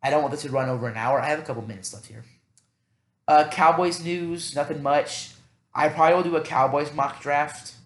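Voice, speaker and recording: A man's voice: a little high, steady tone, brisk, reverberant. A man hosting a casual solo podcast, thinking aloud in a rambling, self-deprecating way with many fillers. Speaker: podcast host.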